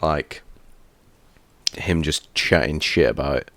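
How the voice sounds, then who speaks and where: A man's voice: extremely low pitch, takes it slowly, a bit bright, dry recording. A young man co-hosting a casual TV review chat, joking and teasing his friend. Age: young adult. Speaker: co-host reviewing a TV series.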